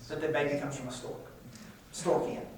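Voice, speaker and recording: A man's voice: fairly high pitch, normal speed. Man lecturing in a very echoey room. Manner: conversational, with frequent restarts and repetitions. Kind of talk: casual classroom lecture. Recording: echoey room, far-off mic, faint hiss.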